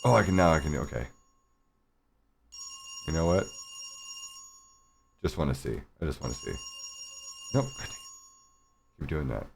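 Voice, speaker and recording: Gravelly guy doing let's play commentary. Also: rumbling low, expressive, normal speed, pauses often, slight background noise. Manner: casual and chatty, reads game text aloud. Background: game music.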